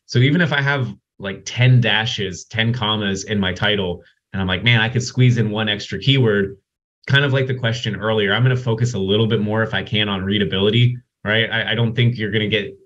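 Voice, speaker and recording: A man hosting a casual software Q&A webinar over a video call, chatty and loose. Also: on the low side. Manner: chatty, many restarts and "like"s. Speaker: host of software Q&A. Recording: dull lo-fi call audio.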